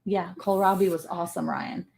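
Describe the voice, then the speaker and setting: A woman's voice: lowish voice, steady tone, moderate pace, vocal fry, darkish tone, slightly rough. Playful, chatty woman ranch host. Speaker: livestream show host. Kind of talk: casual chat, reading viewer comments. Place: ranch home.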